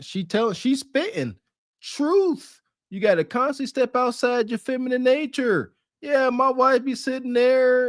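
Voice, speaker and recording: A man's voice: extremely high pitch, fairly bright tone, no echo, studio quality. A man co-hosting a podcast, giving mocking, preachy reaction commentary. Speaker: podcast co-host.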